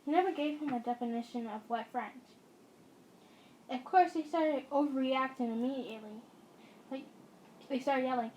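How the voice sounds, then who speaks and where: A woman's voice: high-pitched, moderate pace, pauses often, a little mellow, slight background noise, rough recording. A woman narrating a second-person story in a casual, chatty way.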